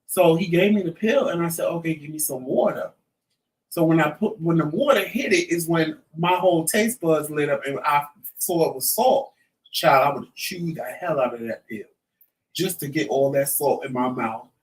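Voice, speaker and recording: A man in his fifties hosts a vlog, casually telling a story and acting out everyone else's lines along the way. His voice sits on the high side and moves at a moderate pace, picked up by a distant mic in a rough recording.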